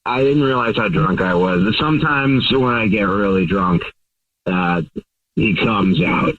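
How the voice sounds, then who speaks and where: A man's voice: fairly low pitch, measured pace, a bit bright, no room sound. A man on the phone with a radio show, sounding sheepish and joking. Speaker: caller. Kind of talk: casual phone chat. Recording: distant tinny phone line.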